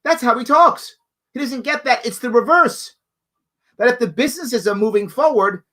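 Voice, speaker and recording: A man hosting a live show, answering viewer questions in emphatic, repetitive bursts. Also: high-pitched. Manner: emphatic, animated, repeats points for stress. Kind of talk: live call-in style solo talk.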